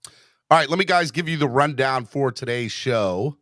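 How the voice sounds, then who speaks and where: A man hosting a sports podcast in casual chat, rambling and excitable, often restarting his sentences. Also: mid-range voice, normal speed, dry recording, clean studio sound. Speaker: podcast host.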